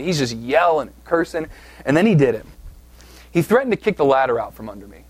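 Preaching with a fairly high, expressive voice at a quick clip, this southeast Pennsylvania pastor shares a personal anecdote. His delivery is conversational and self-deprecating, peppered with "right?", and the clip has no room sound.

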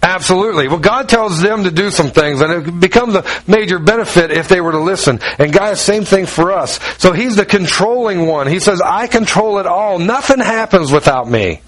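A man's voice: sits high, brisk, hardly any pauses, a bit bright, low-quality recording. A middle-aged male pastor preaching a sermon, repeating phrases for emphasis and acting out the lines he quotes. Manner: preaching with repetition and acted-out quotes.

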